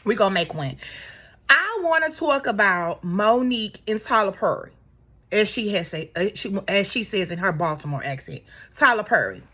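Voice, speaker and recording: A woman's voice: mid-range voice, animated, moderate pace, a bit bright. A woman vlogging casual commentary while getting ready for work, chatty and opinionated as she calls out celebrities directly.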